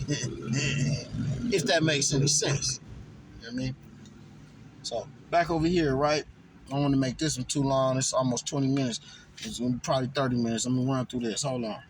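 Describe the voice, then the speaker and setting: A man reading scripture aloud and then riffing on it in casual, slangy, animated commentary. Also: medium pitch, noisy background. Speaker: bible study vlogger.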